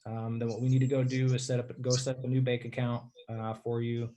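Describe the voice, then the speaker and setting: A man telling a personal story in a casual interview, candid and rambling, often clearing his throat and saying "dude". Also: mid-range voice, flat delivery, brisk, warm tone.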